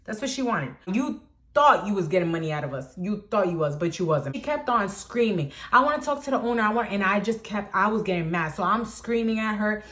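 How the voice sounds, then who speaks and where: A young woman vlogger telling a story casually, animated and blunt, with lots of slang. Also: medium pitch, a little fast.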